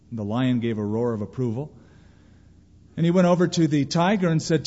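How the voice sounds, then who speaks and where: A man's voice: a little high, animated, fast, mellow. A man preaching a sermon as pastor, emphatic storytelling and quoting scripture. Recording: reverberant, dull lo-fi hall recording.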